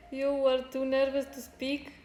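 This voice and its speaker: A woman hosting a casual live stream, chatting with viewers in a soft-spoken, halting and grateful way. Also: sits high. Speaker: fitness streamer. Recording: roomy echo with faint music.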